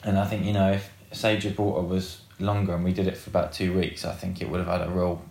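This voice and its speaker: A man with a lowish voice chats casually as an interview guest. He rambles with many fillers and blunt swearing. The room around him is roomy and echoey. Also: little pitch movement, fast talker, vocal fry, a little mellow. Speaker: guest, rock band guitarist.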